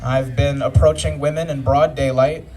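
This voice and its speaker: A man's voice: medium pitch, fairly even intonation, normal speed, darkish tone, soft background music. Proper-sounding young man doing stand-up. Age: 20s. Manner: proper, formal-sounding talk with a dry delivery. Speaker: stand-up comedian. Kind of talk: stand-up comedy set. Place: live comedy club stage. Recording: distant live club recording with crowd laughter.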